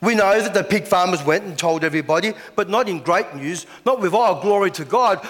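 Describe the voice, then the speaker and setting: A man's voice: high-pitched, a little fast, fairly bright tone. A man preaching a sermon as pastor, chatty, with lots of rhetorical questions. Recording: echoey hall.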